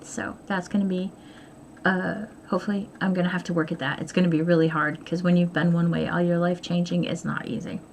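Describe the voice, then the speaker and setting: A woman's voice: fairly low pitch, little pitch movement, brisk, gravelly, a little hiss or hum. A middle-aged woman chatting candidly to camera in her home sewing room, rambling and poking fun at herself. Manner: candid, rambling, self-deprecating. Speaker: vlogger. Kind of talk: casual chat.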